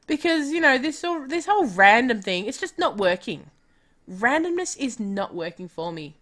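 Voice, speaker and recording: A woman's voice: on the high side, very animated, normal speed, a bit bright. A woman chatting casually on a live game stream, self-deprecating and talking to herself as she plays.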